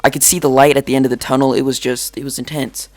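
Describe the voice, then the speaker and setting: A man's voice: mid-range voice, flat delivery, fast. A teenage boy telling a story from school in a casual vlog, rambling and joking, with lots of "like" and "dude". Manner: rambling, jokey, full of "like" and "dude". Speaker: YouTuber.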